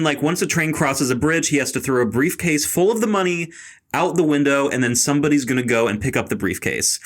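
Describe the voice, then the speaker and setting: Male podcast host, casual chat, animated recapper who laughs easily. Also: mid-range voice. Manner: animated retelling, laughs often.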